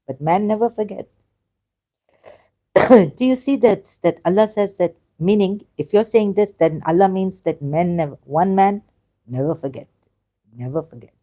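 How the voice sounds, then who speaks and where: A woman's medium-pitched, dark-toned voice comes slowly, with frequent pauses. She's a religion critic reading a video aloud and reacting casually, arguing back at it. Her manner is exasperated and argumentative, with stumbles over words.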